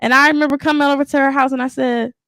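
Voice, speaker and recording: A young woman co-hosting a podcast, telling animated stories, acting out quotes and laughing often. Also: high-pitched, very fast, dry recording, studio quality. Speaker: podcast co-host. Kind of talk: casual chat.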